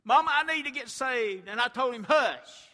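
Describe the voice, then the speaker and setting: A woman's voice: on the high side, lively intonation, moderate pace, bright, forceful tone, pitched above the performer's own voice. A man, a preacher, voicing a grieving middle-aged mother who pleads and wails, heard with long church reverb. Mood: anguished. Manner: pleading, wailing.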